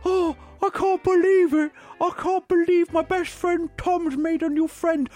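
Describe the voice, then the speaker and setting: A man voicing a whiny, sad little schoolboy in a high, drawn-out voice. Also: little pitch movement, a little mellow, faint music behind.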